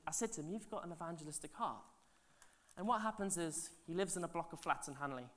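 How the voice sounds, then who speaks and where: A man, a pastor telling stories in a sermon, animated and chatty with asides to the congregation, his voice swinging from loud to hushed. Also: fairly high pitch, fast, background noise. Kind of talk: sermon storytelling.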